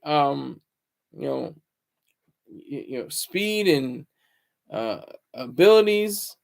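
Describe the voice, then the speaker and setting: A man hosting his own channel, talking in a loose, rambling monologue full of fillers and restarts. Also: on the high side. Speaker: channel host.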